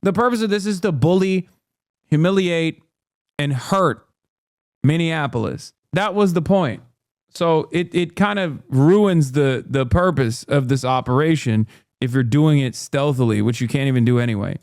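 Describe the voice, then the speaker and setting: A sarcastic young-sounding male streamer rants through casual political commentary, heavy on profanity and mock disbelief. His voice sits high and is recorded dry and close. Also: normal speed, darkish tone, no echo. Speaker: streamer host.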